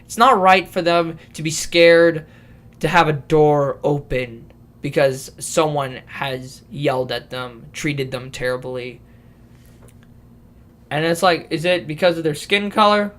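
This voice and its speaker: A man's voice: fairly high pitch, takes it slowly, a bit bright. A young man in his late teens rambling through a casual podcast rant, swearing and restarting his sentences often. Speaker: vlogger.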